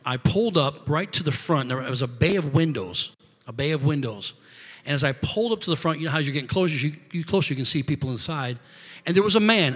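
A man with a somewhat high voice tells a personal story in a loose, rambling way. He stops and restarts phrases and repeats his words as he goes. A long reverb trails after his voice. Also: fairly bright tone. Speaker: guest telling a personal story. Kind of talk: casual spoken storytelling.

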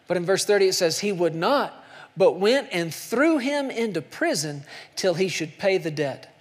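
A man preaching a sermon with passion, dropping to hushed lines and then climbing loud. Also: sits high, lively intonation, normal speed. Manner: impassioned, swings between soft hushed lines and loud climbs. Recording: long hall reverb.

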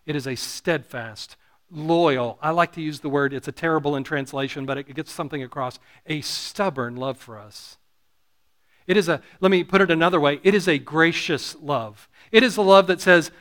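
A man delivering a sermon in a bright, forceful voice pitched a little high for a man. He talks earnestly, repeats and restarts his phrases, and keeps checking in with the congregation. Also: moderate pace. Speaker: pastor.

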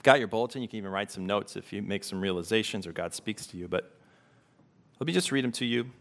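A man preaching a sermon as pastor, reflective and unhurried, pausing to let questions sink in. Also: fairly low pitch, creaky, a bit bright.

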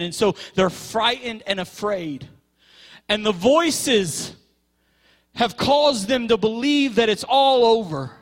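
A man's voice: extremely high pitch, a bit bright. A man preaching a sermon with passion, stretching key words and repeating phrases for emphasis.

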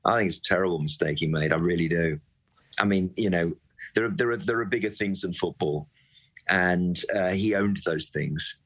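Casting: man, very low voice, impassioned fan who builds his points and repeats himself when fired up. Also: moderate pace, fairly bright tone, breathy edge, rough recording. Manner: passionate, emphatic, repeats words when worked up. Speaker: football club supporter guest. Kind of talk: conversational podcast interview.

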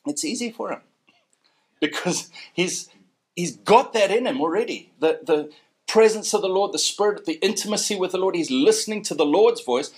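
A man preaching a sermon in a church, telling a story in a chatty, animated way with frequent tag questions. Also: high-pitched, normal speed.

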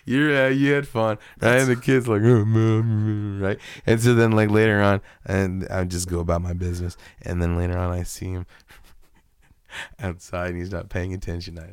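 A man's voice: medium pitch, a little fast, smooth, no room sound. A man co-hosting a podcast, telling stories in casual chat, swearing freely and acting out the voices of the people in them. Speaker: podcast co-host.

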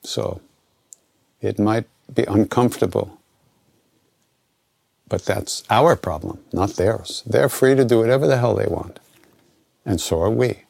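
Older American man with a gravelly voice. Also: on the low side, a little slow, long pauses, no echo, clean studio sound. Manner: relaxed, conversational, self-interrupting. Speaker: spiritual teacher answering questions. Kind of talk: informal spoken Q&A teaching.

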